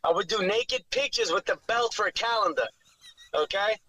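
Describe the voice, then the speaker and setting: A man's voice: sits high, animated, moderate pace, sharp tone, slightly rough, rough recording. A man from New York City with a strong New York accent, a fighter talking brashly and profanely as a guest on a podcast. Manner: brash, profane trash talk. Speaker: bare knuckle fighter, guest. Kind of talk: casual podcast interview.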